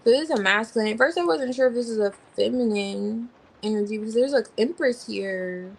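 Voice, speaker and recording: A woman talks through a tarot spread in a loose, chatty way, naming cards as she turns them and musing out loud. Her voice has a gravelly fry, and her speech stays informal and slangy. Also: fairly high pitch, fairly quick, poor audio. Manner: rambling, thinking aloud while naming cards. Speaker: tarot reader. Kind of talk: casual tarot reading.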